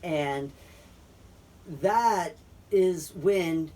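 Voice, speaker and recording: Husky man rambling through a story. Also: fairly high pitch, very slow, warm tone. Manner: rambling, full of fillers and casual swearing. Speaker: friend in a faith discussion. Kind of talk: casual storytelling chat. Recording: distant mic.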